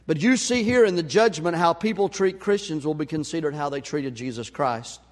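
A man preaching a sermon, telling a story with lively acted-out voices. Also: sits high. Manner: animated storyteller, acts out voices. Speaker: pastor. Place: church sanctuary. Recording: long hall reverb.

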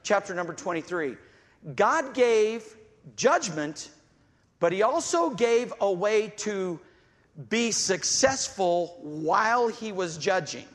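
Preacher guy, high voice that swings all over, impassioned, echoey church hall. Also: animated, slow. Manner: impassioned preaching, reads scripture aloud, acts out quoted voices. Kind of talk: sermon.

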